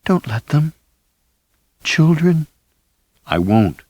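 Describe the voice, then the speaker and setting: A man voicing a frail, dying woman who pleads in a faint, breathy whisper, as whispered role-play in an audiobook. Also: fairly high pitch, very animated, drawn-out words, a little mellow, no room sound, lo-fi sound, voice pushed up, full character voice. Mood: tender. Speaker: audiobook narrator.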